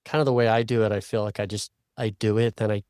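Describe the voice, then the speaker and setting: A man's voice: lowish voice, flat delivery, fast talker, darkish tone, smooth, dry recording, studio quality. A man, a podcast guest and brand owner, chatting casually in a reflective, self-deprecating way with some hesitations. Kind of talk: casual chat.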